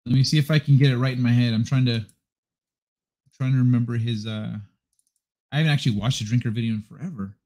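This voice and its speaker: A man's voice: mid-range voice, steady tone, fast, pauses often, a little mellow. A man hosting a casual livestream chat, rambling and talking to himself while he sets things up. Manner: chatty, rambling, self-talk while setting up. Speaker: livestream host.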